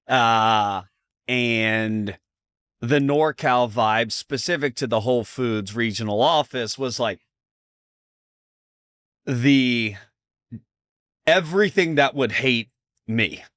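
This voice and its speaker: A man from the US East Coast, a podcast guest telling a story in a blunt, animated way and acting out the dialogue. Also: medium pitch, slow pace, long pauses, smooth, no echo, studio quality. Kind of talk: casual storytelling chat.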